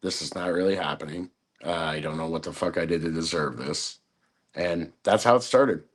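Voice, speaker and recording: A man's voice: sits low, normal speed, slightly rough. A man as a podcast guest, casually telling a story, swearing freely and acting out other people's voices. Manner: profane, acts out quoted voices.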